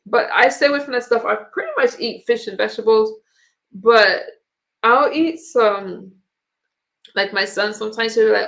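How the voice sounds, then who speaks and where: A chatty woman hosting a live stream, her voice sitting fairly high. She rambles through casual talk and laughs easily. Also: normal speed, creaky, a bit bright. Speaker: streamer host.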